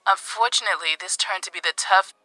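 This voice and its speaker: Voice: mid-range voice, fast talker, sharp tone, poor audio. A voice telling as a woman looking back on childhood. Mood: earnest. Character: woman recalling her hard childhood. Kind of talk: scripted first-person storytelling.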